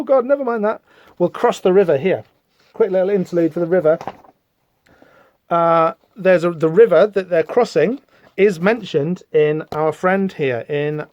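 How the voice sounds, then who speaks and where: A man's voice: on the high side, darkish tone, dry recording, dull audio. A man hosting a podcast, chatting casually through a comic book with rambling, wry asides. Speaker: podcast host.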